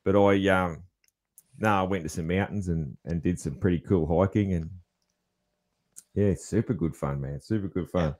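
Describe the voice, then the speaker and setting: A man's voice: deep voice, normal speed, darkish tone. A man with an Australian accent hosting a podcast, chatting in a laid-back way and calling his guest "man" a lot. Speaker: podcast host. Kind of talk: casual interview chat.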